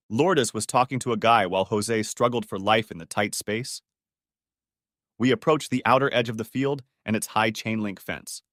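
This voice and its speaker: A man narrating a first-person audiobook story in a steady storytelling manner. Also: medium pitch, no echo, clean studio sound.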